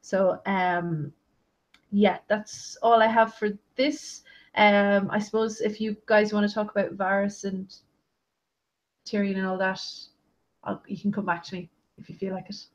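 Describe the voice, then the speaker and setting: A woman's voice: mid-range voice, little pitch movement, a little slow. A woman on a live video call, talking hesitantly with many ums, over dull lo-fi audio. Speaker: guest panelist.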